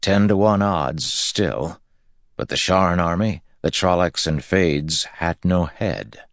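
A man narrating a fantasy battle scene with measured storytelling delivery. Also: deep voice, no echo, studio quality. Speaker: audiobook narrator. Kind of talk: scripted narration.

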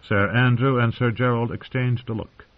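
A man narrating a fantasy audiobook in a steady storytelling voice. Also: mid-range voice, normal speed. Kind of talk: scripted narration. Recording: tinny phone-like sound.

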